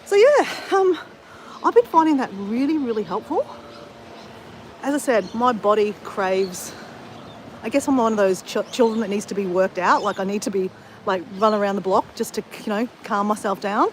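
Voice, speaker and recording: An Australian vlogger exercises while chatting to her live viewers, rambling with lots of fillers and restarts. Her mid-range voice is expressive and moderately paced, and the rough recording carries slight background noise.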